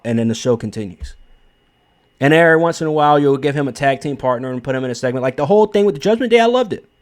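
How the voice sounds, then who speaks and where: A young man giving casual, blunt opinion commentary, emphatic and profane, with frequent fillers and restarts. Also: fairly high pitch. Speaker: wrestling commentary host.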